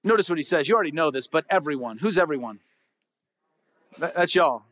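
A man's voice: a little high, expressive, a little fast, a bit bright. A man preaching a sermon to his congregation in a conversational way, asking them rhetorical questions. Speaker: pastor. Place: church before a congregation.

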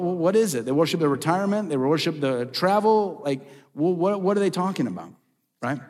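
A man's voice: on the high side, a little mellow. A middle-aged male pastor preaching a sermon, emphatic, with repeated phrases and rhetorical questions. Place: church sanctuary. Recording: long reverb of a large hall.

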